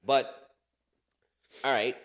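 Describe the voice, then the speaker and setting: A man in his thirties co-hosts a podcast, rambling through casual chat while swearing heavily and laughing a lot. His slightly bright voice moves very slowly.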